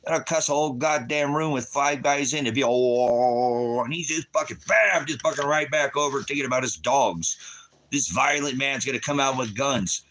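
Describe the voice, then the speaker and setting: A middle-aged man giving an angry, profane rant as a vlogger, swearing constantly and breaking into shouts. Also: mid-range voice, brisk. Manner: furious, swearing, bursts into shouting; mocks others in quoted voices.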